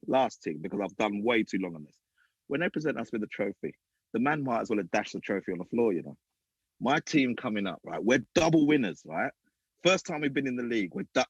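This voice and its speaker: A man, a podcast guest and former youth football coach, telling animated stories and acting out other people's voices. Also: medium pitch, husky, no echo, muffled recording. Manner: acts out other people's voices, lively and emphatic. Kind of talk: animated storytelling.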